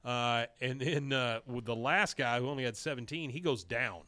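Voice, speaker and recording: A man with a smooth, clear voice and a middling pitch, casually walking through scenes of a cartoon episode. He is recorded close to the mic in a dry room, and now and then pops into quick impressions of the characters. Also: sharp tone, no echo. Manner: retells scenes, briefly mimicking characters' lines. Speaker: podcast host recapping episodes. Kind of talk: casual recap.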